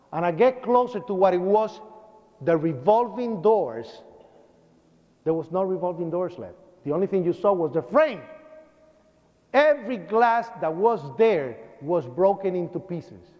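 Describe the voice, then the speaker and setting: A man recounting a traumatic eyewitness story to a lecture audience, vividly acting out sounds and cries. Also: high voice. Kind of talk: dramatic first-person storytelling to an audience. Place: lecture hall. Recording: dull lo-fi recording with long hall reverb.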